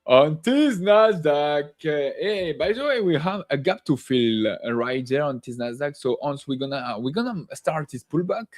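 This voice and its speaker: High-voiced man rambling over market charts. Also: sing-song, moderate pace, hardly any pauses. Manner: rambling, self-correcting, humming "ta ta ta" while watching charts. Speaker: live trading show host. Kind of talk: casual live-stream market commentary.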